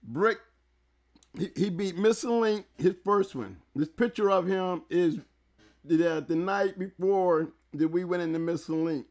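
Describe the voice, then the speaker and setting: Excitable man hosting, gravelly voice. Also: high-pitched, unhurried. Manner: excitable, loud, repeats words. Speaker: talk show host. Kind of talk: casual interview talk. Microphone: handheld mic held close.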